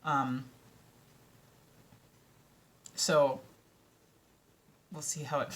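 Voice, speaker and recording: A woman's voice: low-pitched, normal speed, a bit bright. A tired woman with a Minnesotan accent chatting in a casual vlog, rambling and self-doubting, often dropping into whispers. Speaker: vlogger and audiobook narrator.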